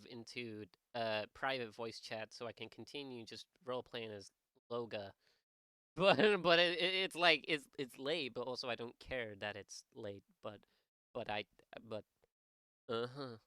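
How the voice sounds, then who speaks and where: A man's voice: mid-range voice, normal speed, pushed and bright, clear, resonant tone, no room sound, clean studio sound. A young man chatting on his live art stream, rambling and joking with lots of swearing and false starts. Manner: rambling, profane, joking, many restarts. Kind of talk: casual live-stream chat.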